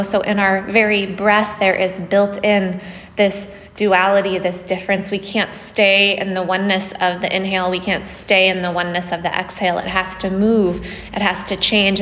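A woman's voice: medium pitch, fairly bright tone, muffled recording. Give me a woman retelling a myth to a group, recorded in a reverberant hall. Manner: conversational, often asks "right?" with fillers. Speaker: storyteller teaching a group. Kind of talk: casual spoken retelling of a myth.

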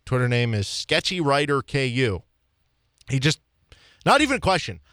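A man's voice: medium pitch, very animated, moderate pace, a bit bright, dry recording, clean studio sound. A young man hosting a sports talk radio show, telling stories in a chatty, self-deprecating way with frequent laughs. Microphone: studio microphone.

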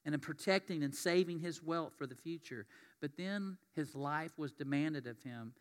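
In a church sanctuary with a long reverb tail, a pastor with a fairly high-pitched male voice preaches at a moderate pace. His sermon is chatty and folksy, blending scripture he reads aloud with stories in a conversational way.

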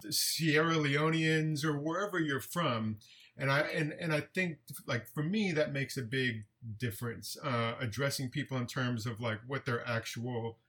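A man's voice: medium pitch, fairly bright tone. A man from the San Francisco Bay Area, a writer and TV editor, talking thoughtfully as a guest on a remote podcast call, often restarting words. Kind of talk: casual interview conversation.

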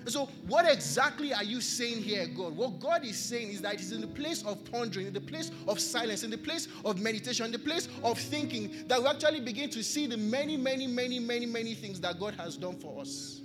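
A man's voice: extremely high pitch, lively intonation, brisk, hardly any pauses, over music. A Nigerian man preaching a sermon, earnest, returning again and again to repeated refrains. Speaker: pastor. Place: church.

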